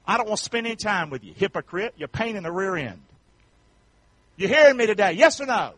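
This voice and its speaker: Male pastor, high lively voice, dry close sound, fiery folksy sermon with call-and-response. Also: brisk, no echo, low-quality recording. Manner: preaching with call-and-response, swinging from shouts to hushed tones; folksy, colloquial phrasing.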